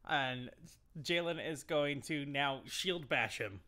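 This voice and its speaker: A man's voice: mid-range voice, slow, pushed and bright. A man playing a tabletop game, eagerly declaring his character's actions. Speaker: player.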